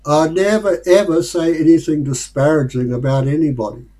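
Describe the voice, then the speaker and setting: Chuckling Australian man, fairly high voice. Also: steady tone, moderate pace, warm tone, poor audio. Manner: chuckles often, rambling, conversational. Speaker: speaker sharing life lessons. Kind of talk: casual storytelling talk.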